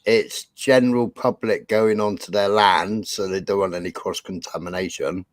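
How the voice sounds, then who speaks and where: A man's voice: sits low, fairly even intonation, moderate pace, no echo. A man on a live stream panel who rambles and explains with lots of fillers and casual swearing.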